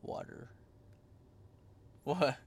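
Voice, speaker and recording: A young man hosting a casual chat. He talks in slang, teases, and asks lots of questions. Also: drawn-out words. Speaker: host.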